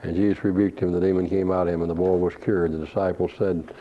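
A man's voice: low-pitched, level tone, quick pace. A man preaching a sermon, asking rhetorical questions and quoting scripture. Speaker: pastor. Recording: dull lo-fi recording.

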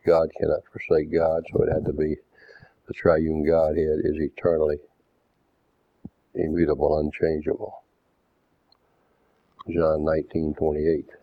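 A man preaching a doctrinal sermon, deliberate and didactic, reading scripture verses aloud. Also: very deep voice, monotone, dry recording. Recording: tinny phone-like dry sound.

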